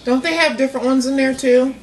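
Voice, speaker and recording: An enthusiastic woman co-hosting an unscripted chat. She jumps in with questions and reactions, and her voice sits slightly high. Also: fairly even intonation, fast, soft background music. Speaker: co-host. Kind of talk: casual chat.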